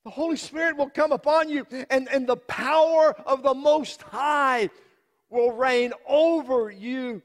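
A man playing Mary's middle-aged father, telling the story in an earnest, halting first-person monologue. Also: extremely high pitch, big-room sound. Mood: awed storytelling. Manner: slow, emphatic, with halting repeats and long pauses.

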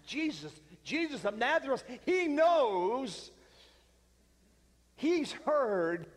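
A high-voiced man preaching a sermon, telling a story slowly and dramatically. His pauses hang in a large hall with a long echo. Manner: dramatic, slow retelling with pauses.

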